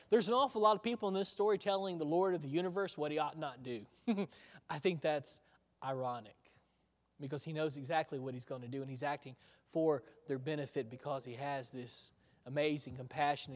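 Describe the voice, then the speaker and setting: A man's voice: fairly high pitch, moderate pace. Conversational male preacher, reverberant hall. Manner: conversational storytelling, rhetorical questions. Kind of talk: sermon.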